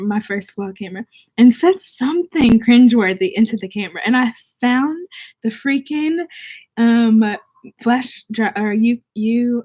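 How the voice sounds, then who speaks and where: A young woman chats on her livestream in a bubbly, rambling way, reading out viewer comments and answering questions. She comes from the southern United States but has no Southern accent. Her voice sits fairly high. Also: darkish tone. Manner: chatty, bubbly, reads comments aloud. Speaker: vlogger. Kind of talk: casual livestream chat.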